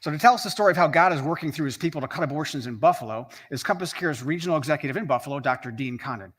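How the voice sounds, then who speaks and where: A man's voice: fairly high pitch, animated, very fast, a bit bright. A man. He is earnest and emphatic, and he stacks up repeated phrases to build momentum. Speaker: rally speaker. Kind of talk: scripted speech.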